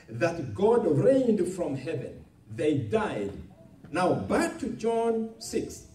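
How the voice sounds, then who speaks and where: A man preaching a sermon as a pastor, slow and emphatic, with repeated hallelujahs. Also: high-pitched, dark tone, echoey room, distant mic.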